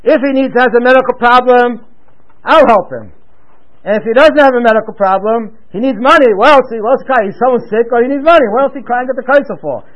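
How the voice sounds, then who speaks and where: A man's voice: very high-pitched, animated, fast talker, muffled recording. A man voicing a practical, persuasive man in a religious story, speaking plainly. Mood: persuading.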